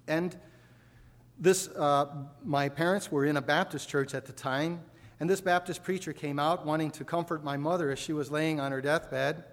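A man's voice: on the high side, fairly even intonation, normal speed. A man from upstate New York preaching a sermon, telling family stories in a folksy way and building to fervent emphasis. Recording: long hall reverb.

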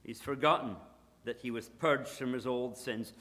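A man preaching a sermon, emphatic, swinging between loud declarations and hushed asides. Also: on the high side, normal speed, long reverb tail.

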